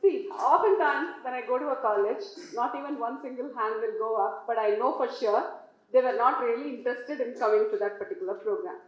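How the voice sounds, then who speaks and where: A woman addresses nurses in a motivational talk, coaxing the audience to answer with raised hands. Her voice sits fairly high. The sound is roomy and echoey, and somewhat dull and lo-fi. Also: fairly quick. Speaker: guest speaker.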